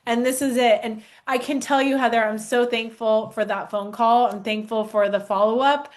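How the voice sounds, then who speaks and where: An animated woman in her forties speaks earnestly to a crowd, her voice pitched a touch high. She talks straight to her listeners with eager conviction. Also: moderate pace. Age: 40s. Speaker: network marketing speaker. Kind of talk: storytelling testimonial on stage.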